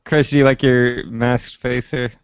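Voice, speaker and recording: A man chatting casually on a call-in show, relaxed and laid-back. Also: mid-range voice, a little slow, smooth, no echo. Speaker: participant on a call-in chat show. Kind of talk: casual chat. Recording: dull, dry lo-fi call audio.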